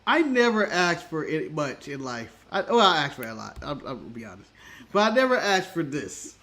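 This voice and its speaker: A man co-hosting a casual wrestling recap chat, excitable and laughing often. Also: a little high, a little fast. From United States. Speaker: co-host.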